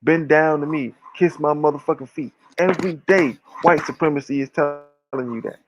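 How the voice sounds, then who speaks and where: A man's voice: fairly high pitch, fairly even intonation, a little fast, dull audio, noisy background. A man talking casually but with fiery emphasis, preaching and swearing freely. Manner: emphatic, preachy, profane, uses slang. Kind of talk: impassioned casual talk.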